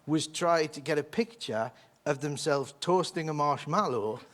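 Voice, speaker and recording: A man in his forties telling rambling, animated anecdotes as a chat show guest. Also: on the high side, a little slow. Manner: rambling, animated storytelling with acted quotes. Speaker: comedian guest.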